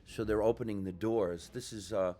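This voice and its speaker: A man's voice: fairly low pitch, steady tone, normal speed, dark tone. A male comedian hosting a podcast in a ship lounge, chatting enthusiastically and asking his guest questions. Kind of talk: casual podcast chat. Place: ship lounge before a show.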